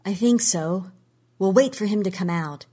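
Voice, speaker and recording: A woman reading the lines of a calm male researcher who explains things in a steady, controlled way. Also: mid-range voice, moderate pace, breathy edge, close to an everyday voice.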